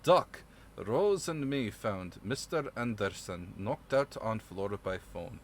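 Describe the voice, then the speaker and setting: A man putting on a mock Russian accent for a gruff man, speaking low with slurred, chewed words. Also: expressive, slow pace. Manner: lower voice, slurred words, chewing delivery.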